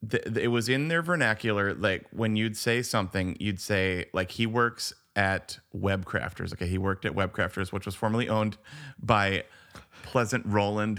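A man co-hosting a podcast in casual chat, laid-back and quick to laugh while telling stories. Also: lowish voice, fairly bright tone. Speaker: podcast co-host.

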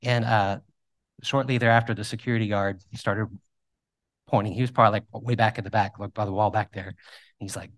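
A man's voice: medium pitch, brisk. Man preaching a self-deprecating sermon. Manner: self-deprecating, storytelling, animated in anecdotes. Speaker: pastor. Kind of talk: sermon with personal stories.

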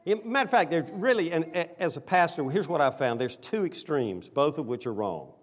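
A middle-aged man, a pastor, preaching a sermon with animated delivery, swinging from loud exclamations to soft, earnest appeals. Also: fairly high pitch, normal speed, few pauses.

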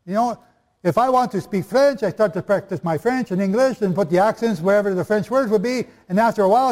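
In a large hall with long reverb, a man preaches and teaches the Bible to a live audience. His high-pitched, slightly mellow voice moves briskly as he chats, cracks jokes, and often quizzes his listeners.

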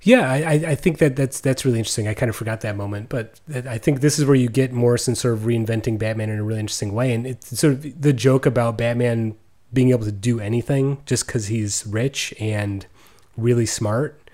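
A man co-hosting a podcast, weighing his thoughts aloud in an easygoing chat. He restarts phrases as he works out what he means. His voice is a medium pitch. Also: a little fast, a little mellow. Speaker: podcast co-host. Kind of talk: casual chat.

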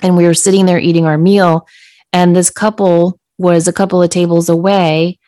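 A woman podcast co-host telling a story in casual chat, acting out quoted lines in a higher voice. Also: flat delivery, normal speed, mellow, dry recording.

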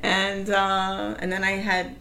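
A woman being interviewed, telling a personal story in a casual, animated way, laughing often and acting out what others said. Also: medium pitch, takes it slowly, slight background noise. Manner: animated, laughs often, acts out quoted voices. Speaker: interview guest.

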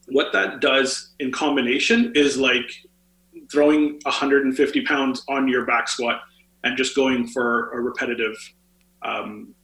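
Male podcast guest, bright voice, roomy echo, chatty explainer with fillers. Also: mid-range voice. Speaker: guest health author. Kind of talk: podcast interview, explaining health tips.

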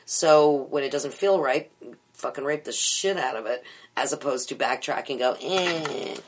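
A woman's voice: very deep voice, normal speed. A middle-aged woman, an improv teacher, talking bluntly and profanely in a candid interview.

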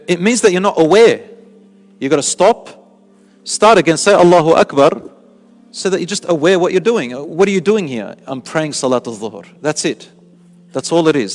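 In a large mosque hall, a religious teacher with a fairly high-pitched male voice gives a lesson. He explains his points and puts questions to the people listening.

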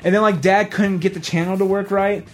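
A man's voice: high voice, brisk, soft background music. Rambling man hosting a casual podcast. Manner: rambling, animated storytelling with many restarts. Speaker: podcast host.

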